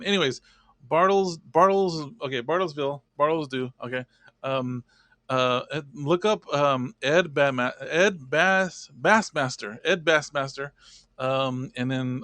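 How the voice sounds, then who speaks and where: A man's voice: medium pitch, bright, forceful tone, no room sound. A man hosting a casual live stream, rambling and chatty, greeting viewers by name.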